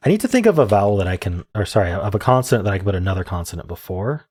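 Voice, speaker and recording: Low-voiced man muttering through puzzles. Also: very animated, very fast, a little mellow, husky. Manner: muttering, hesitant, many ums, self-amused. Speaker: word game streamer. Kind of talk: thinking aloud while solving puzzles.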